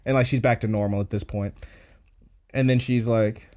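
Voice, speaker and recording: A laid-back man hosts a podcast and casually walks through an episode recap. His voice sits in an ordinary middle pitch, and he swears freely and chuckles along as he goes. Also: little pitch movement, brisk, darkish tone. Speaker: podcast host.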